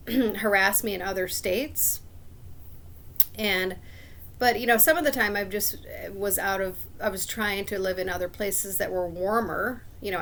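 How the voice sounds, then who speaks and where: A woman with a gravelly, fry-edged voice tells a long personal story in a loose, casual way. She sounds aggrieved and suspicious, and she keeps clearing her throat between her rambling sentences. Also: mid-range voice, fairly bright tone.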